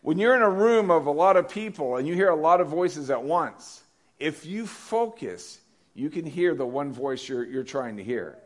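Guy preaching a sermon, kinda high voice, keeps asking the crowd questions. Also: expressive, moderate pace. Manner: conversational preaching with repeated questions to the congregation. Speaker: pastor.

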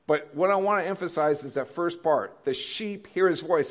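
A man's voice: a little high, moderate pace. A male pastor preaching a conversational sermon, often repeating questions to the congregation.

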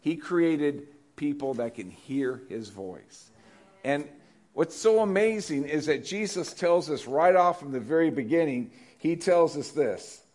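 A man's voice: fairly high pitch, lively intonation, measured pace, darkish tone. A male pastor preaching a conversational sermon, often repeating questions to the congregation.

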